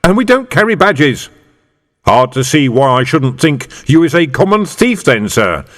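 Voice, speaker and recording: A man reading an audiobook aloud, voicing a gruff, streetwise middle-aged police sergeant with dry, mock-official copper talk. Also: on the high side, very animated, a little slow, a bit bright, pitched above the performer's own voice. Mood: mock-formal. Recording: reverberant room.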